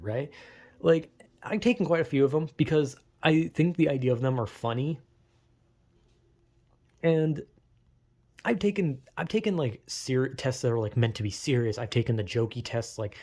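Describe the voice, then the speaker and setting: A man's voice: medium pitch, dark tone. Rambling young man, crude and joking. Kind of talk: casual monologue.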